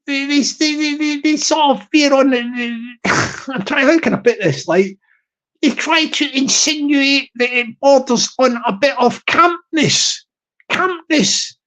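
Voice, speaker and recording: A man hosting a motivational talk show, with a voice that is high-pitched for a man, rambling and restarting his sentences often. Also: unhurried, fairly bright tone, poor audio. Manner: rambling, with many restarts and laughs. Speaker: podcast host.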